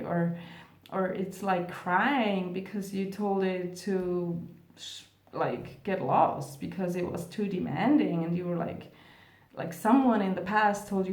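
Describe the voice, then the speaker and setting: Chatty woman with a gravelly voice. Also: fairly low pitch, slow, a little mellow, reverberant, distant mic. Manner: chatty, self-correcting, acts out quoted reactions. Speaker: spiritual coach. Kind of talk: casual instructional talk to camera.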